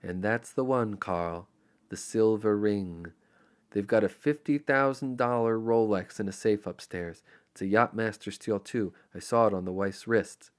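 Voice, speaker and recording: A man's voice: lowish voice, measured pace, clear, resonant tone, lightly acted. A man voicing a greedy, scheming burglar leader with a German accent, in an audiobook. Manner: smug, plotting.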